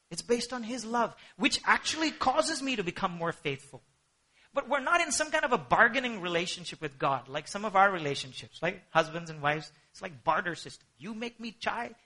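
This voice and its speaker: High bright-voiced husky preacher man. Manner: animated preaching, swinging between hushed and emphatic. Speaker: pastor. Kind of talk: sermon.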